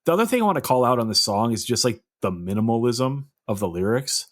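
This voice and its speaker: A man's voice: medium pitch, lively intonation, quick pace, fairly bright tone. A man hosting a music podcast, chatting enthusiastically with casual swearing and many fillers. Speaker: podcast host. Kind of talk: casual chat.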